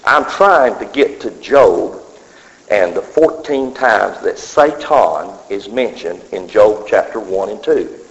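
A male pastor preaching a sermon, swinging from loud declarations to hushed whispers. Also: fairly low pitch, animated, takes it slowly. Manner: preaching with sudden drops to a whisper. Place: church sanctuary. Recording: dull sound with long hall reverb.

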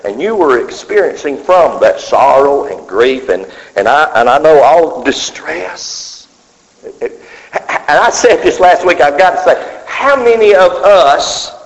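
A man preaching a sermon, dropping to low murmurs and rising to shouted cries. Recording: muffled hall recording.

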